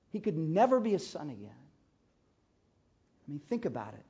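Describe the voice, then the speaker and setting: A fairly high-pitched, husky man preaches, telling a story with emphasis and dropping from big loud stresses to near-hushed lines. The recording sounds dull and muffled. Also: very animated, moderate pace, long pauses. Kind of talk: storytelling sermon.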